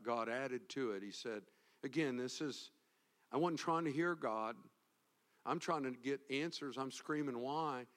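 A male pastor telling a personal story in a sermon, moving from quiet, low narration to loud, impassioned preaching.

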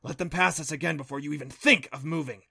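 A man's voice: a little high, unhurried, vocal fry, bright, forceful tone, pitched above the performer's own voice, heavily acted. A man voicing a grumpy male kelpie, a talking water horse, in a storybook reading with a blunt, scoffing manner. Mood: hushed, wary.

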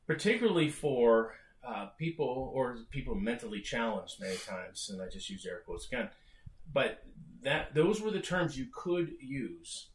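A middle-aged man co-hosting a podcast speaks in a mid-range, slightly bright voice, the recording full of roomy echo. In this casual discussion he explains at length and often restarts his phrases.

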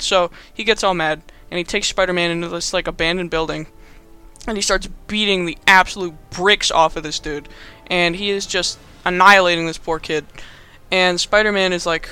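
A man's voice: high-pitched, fairly even intonation, moderate pace, sharp tone, clear, resonant tone, soft background music. A young man casually recapping a movie in a rambling, amused way, full of fillers. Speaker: host.

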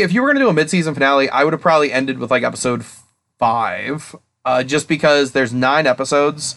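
A young man co-hosting a casual podcast, rambling excitedly and swearing constantly as he retells a story. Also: medium pitch, fairly quick, vocal fry. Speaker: podcast co-host. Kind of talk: casual chat.

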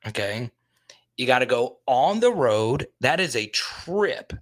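A man's voice: mid-range voice, sing-song, slow, dry recording. A young adult man hosting a casual sports talk show, rambling and thinking aloud, openly frustrated.

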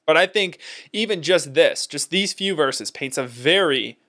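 Emphatic man with a higher voice. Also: unhurried. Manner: emphatic, animated, often laughing. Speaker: podcast co-host. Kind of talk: casual theological discussion.

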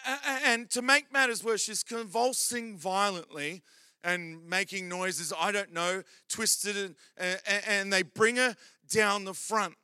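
A man preaching a sermon as pastor, telling a story with humorous asides and building to loud calls to the church. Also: high-pitched, fairly even intonation, measured pace, smooth, dry recording, clean studio sound.

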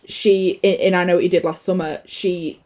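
A woman co-hosting a casual podcast, talking about films and laughing often. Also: normal speed. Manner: animated, laughs often, acts out lines in shrill voices. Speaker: podcast co-host. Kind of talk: casual film chat.

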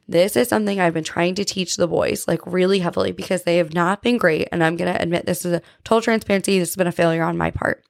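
A woman hosts a faith podcast in a chatty, confessional way, full of "like" and "right?". Her voice sits low with a gravelly, fry-tinged edge. The sound is close and dry, with no room around it. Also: no echo. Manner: earnest, confessional. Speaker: podcast host. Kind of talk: casual faith talk.

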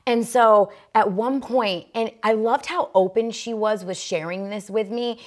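A young woman co-hosting a podcast, telling stories in casual chat, swearing and halting with fillers. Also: medium pitch, fairly even intonation. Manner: chatty storyteller, profane, halting with fillers. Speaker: podcast co-host.

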